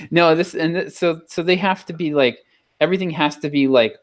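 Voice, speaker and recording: A man co-hosting a podcast, telling a casual story in an animated way. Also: fairly high pitch, unhurried. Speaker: podcast co-host. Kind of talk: casual chat.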